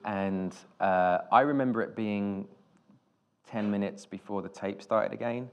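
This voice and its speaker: A British film director telling stories on stage in an interview, rambling and self-deprecating, with many restarts. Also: male voice, on the low side, fairly even intonation, unhurried, gravelly, clear, resonant tone, highs cut off. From Britain.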